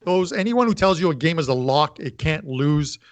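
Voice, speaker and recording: A man on a betting panel giving measured advice, hesitant and full of fillers. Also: on the high side, expressive. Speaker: panelist handicapper. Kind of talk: casual betting panel talk.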